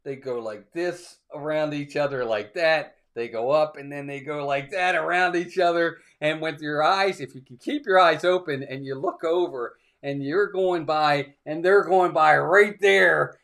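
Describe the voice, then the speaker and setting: A man's voice: fairly high pitch, measured pace, hardly any pauses, fairly bright tone. Chatty man retelling a coaster ride. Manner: chatty storytelling, acts out ride motions and quotes. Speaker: co-host of a theme park livestream. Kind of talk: casual chat.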